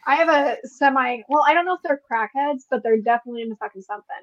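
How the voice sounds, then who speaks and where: A woman's voice: high voice, racing, highs cut off, a little hiss or hum. A woman in casual podcast chat, telling a story in a blunt, swearing, exasperated way. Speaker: podcast guest.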